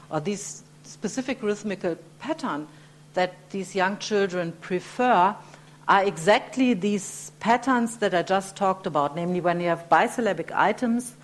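A woman giving an academic lecture, hesitant, with many fillers, restarts and throat clearing. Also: on the low side.

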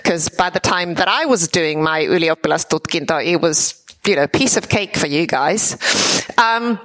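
A woman's voice: on the low side, animated, normal speed, a bit bright, rough recording. A woman in her forties with a Finnish accent, chatting casually and switching between Finnish and English. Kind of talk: casual chat.

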